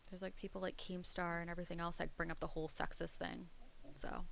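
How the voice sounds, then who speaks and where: A woman's voice: on the low side, little pitch movement, fast talker, gravelly, fairly bright tone, a little hiss or hum, rough recording. Rambling woman streamer chatting casually. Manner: rambling, self-interrupting, laughs often. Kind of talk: casual livestream chat.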